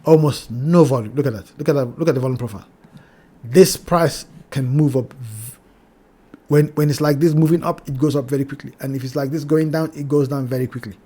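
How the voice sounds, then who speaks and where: A man hosting a trading channel, walking through price charts in a cautionary tone, repeating his warnings and addressing viewers as ladies and gentlemen. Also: medium pitch, a little fast, slightly rough. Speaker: crypto trading channel host. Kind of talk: chart analysis talk.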